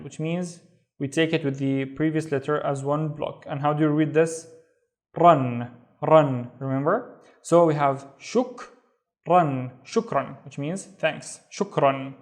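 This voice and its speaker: A man's voice: on the high side, fairly even intonation. Patient man teaching word by word. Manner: patient, sounds out syllables slowly and repeats them. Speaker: Arabic teacher. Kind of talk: slow step-by-step reading lesson.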